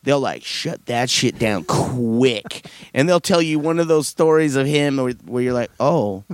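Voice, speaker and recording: A man's voice: mid-range voice, animated, measured pace, no echo. A man co-hosting a podcast, telling family stories in casual comedic chat, laughing often and acting out quotes in raised voices. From Southern Maryland. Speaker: podcast co-host.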